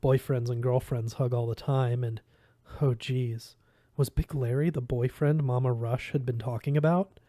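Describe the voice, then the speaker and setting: A man reads a novel aloud, narrating in the first person at a steady pace. His voice is mellow and relaxed. The recording is dry and close. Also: medium pitch, normal speed, no room sound. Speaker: reader.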